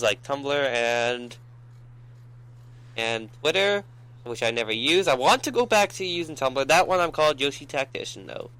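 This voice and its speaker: A man's voice: fairly high pitch, fairly bright tone, clear, resonant tone, rough recording. A man guest-hosting a casual gaming podcast, reading out end information and trailing off mid-sentence. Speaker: guest host.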